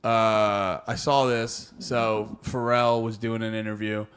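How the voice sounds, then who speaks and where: A man's voice: on the low side, level tone, takes it slowly, fairly bright tone, slight background noise. A man co-hosting a comedy podcast, riffing casually with profanity and frequent laughter. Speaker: podcast co-host.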